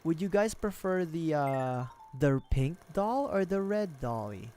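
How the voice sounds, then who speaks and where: Guy streaming a chill game, goofy rambly chat to viewers, laughs a lot, soft game music under it. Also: on the high side, animated, unhurried. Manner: rambling, jokey, laughs often, talks to chat. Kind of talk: casual gaming livestream chat.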